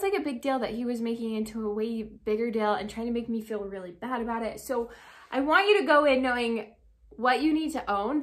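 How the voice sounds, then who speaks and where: A woman's voice: fairly high pitch, fairly bright tone. A young adult woman giving relationship advice as a dating coach. She talks in a chatty, earnest way, full of casual filler words.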